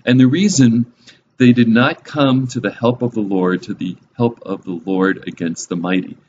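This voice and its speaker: A Bible teacher gives a casual, conversational lesson with a wry, joking manner in a mid-range, slightly mellow voice at normal speed. The recording sounds a bit dull, with faint hiss.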